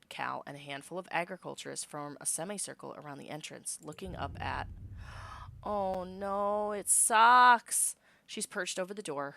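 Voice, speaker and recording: A woman streamer reading game text aloud with excitable asides. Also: low voice, vocal fry. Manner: excitable asides between narration.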